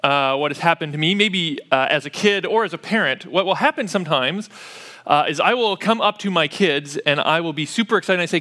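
A man's voice: on the high side, expressive, a little fast, pushed and bright. A man preaching a sermon in a church, conversational and sprinkled with "uh" fillers. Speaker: pastor.

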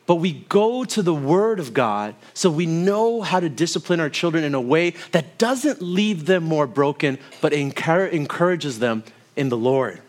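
Male pastor preaching, fairly high voice, chatty stories, talks right to the church. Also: expressive, a little slow. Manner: storytelling with asides to the congregation. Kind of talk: sermon.

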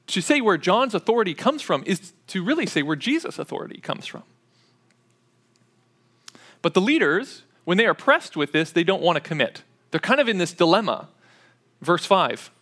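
A man preaching an expository sermon, explaining step by step in a conversational way with frequent pauses and fillers. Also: high voice, sing-song, a bit bright.

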